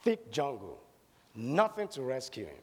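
Animated preacher in a reverberant hall. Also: male voice, mid-range voice, a little slow, slightly rough. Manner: dramatic storytelling, rising to loud exhortation. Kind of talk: sermon with a personal story.

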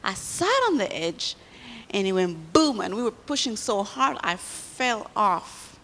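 A woman's voice: medium pitch, very animated, a little slow, fairly bright tone, in a large hall. A woman giving a children's sermon in church, telling a story and quizzing the kids as she goes.

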